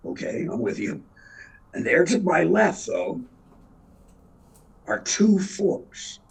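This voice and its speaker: A man's voice: fairly high pitch, big pitch swings, slow pace, vocal fry, husky, poor audio. A man in his seventies, an actor telling rambling, self-deprecating anecdotes in an interview. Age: 70s. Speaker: actor and guest. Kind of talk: storytelling interview.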